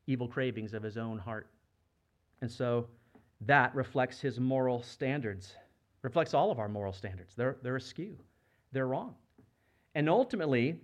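A man preaching a sermon as a pastor, speaking conversationally and asking the congregation rhetorical questions. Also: medium pitch. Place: church.

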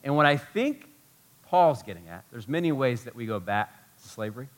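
A man preaching a sermon as pastor, animated and emphatic, full of rhetorical questions. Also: mid-range voice, normal speed.

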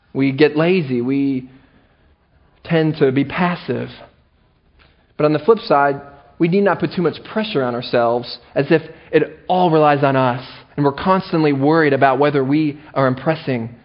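A male pastor preaching a sermon with animated delivery and playful asides, on a dull lo-fi recording. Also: medium pitch.

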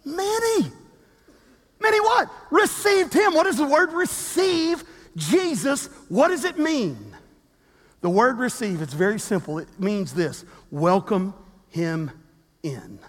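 Animated preacher man in echoing hall. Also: high voice, slow pace. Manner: animated storytelling, acts out quotes. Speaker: pastor. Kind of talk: sermon.

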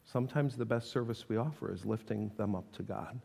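A man's voice: fairly low pitch, a little fast, creaky, few pauses, dark tone, breathy edge. A man in his forties preaching a conversational sermon in a church, earnest and prone to restarting his sentences. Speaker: pastor. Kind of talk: sermon with prayer. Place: church sanctuary. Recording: long hall reverb.

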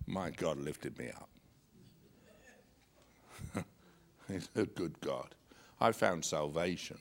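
A man's voice: a bass voice, lively intonation, drawn-out words, pauses often. A male pastor preaching a sermon, reading scripture and joking with a chuckle between verses.

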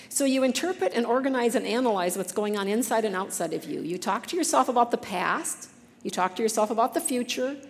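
A woman's voice: on the high side, vocal fry, long reverb tail. A woman giving an earnest, conversational devotional talk, reading scripture passages with feeling.

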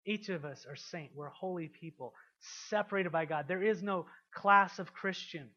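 A man preaching a sermon to a congregation. He asks them questions and swings from quiet, intimate passages to loud, emphatic ones. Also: sits high, normal speed, lo-fi sound. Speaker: pastor.

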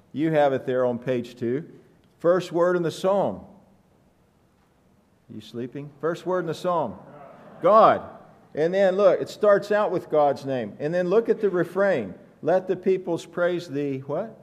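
An animated male preacher delivers a sermon, stressing key words and quizzing his listeners as he goes. His voice sits at an ordinary middle pitch. It rings out in a church sanctuary with a long, lingering reverb. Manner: animated, emphatic, asks the congregation questions.

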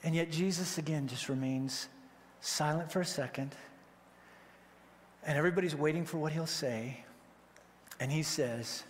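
A man from Wyoming preaching a sermon as pastor, animated and joking, acting out the voices he quotes. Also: fairly high pitch, normal speed, pauses often, slight background noise. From Wyoming, United States. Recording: long hall reverb.

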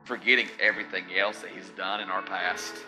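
A man preaching a sermon in a conversational, animated way, mixing scripture with casual asides. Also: deep voice, brisk, over music, poor audio.

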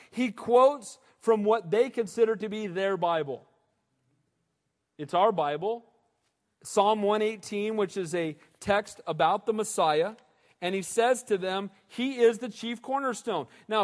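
Male pastor, sermon, emphatic, animated, high voice, reverberant hall. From United States. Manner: emphatic, animated, calls for amens.

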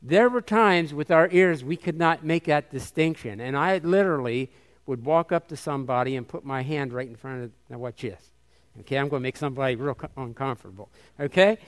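A man's voice: medium pitch, fairly quick. A man, a missionary, gives a conference talk to a live audience, quizzing them and sounding out syllables like a teacher. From United States. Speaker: missionary speaker.

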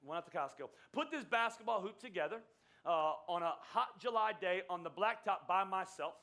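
A man's voice: high-pitched, animated, normal speed, pushed and bright. A middle-aged man preaching a sermon, telling a family story in a conversational way and acting out the quoted lines. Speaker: pastor.

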